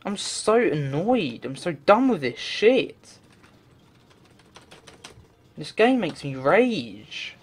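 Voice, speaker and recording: A man's voice: sits high, big pitch swings, very slow, long pauses, breathy edge. A man doing game commentary, talking to himself and swearing in frustration as he plays. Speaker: let's play gamer.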